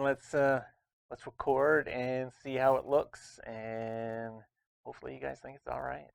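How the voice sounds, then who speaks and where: Gravelly-voiced man chatting about board games. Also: mid-range voice, fairly even intonation, moderate pace, no echo. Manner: chatty, rambling with frequent restarts. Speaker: board game reviewer. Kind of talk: casual chat.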